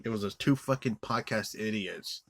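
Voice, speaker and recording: A man's voice: fairly low pitch, moderate pace, a bit bright, no echo. A man giving an angry, profane movie review rant, rambling with many restarts and fillers. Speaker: film reviewer.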